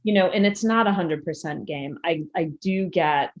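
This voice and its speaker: A woman coach speaking as a podcast guest, candid and quick to laugh. Her voice sits on the low side, and it comes through dull and lo-fi, as over a remote line. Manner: candid and open, laughing easily. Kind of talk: casual interview chat.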